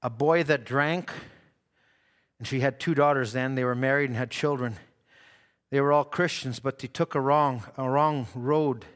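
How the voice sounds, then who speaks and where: A man's voice: medium pitch, steady tone, moderate pace, a bit bright. A man preaching a sermon in church, telling stories and acting out the quoted dialogue.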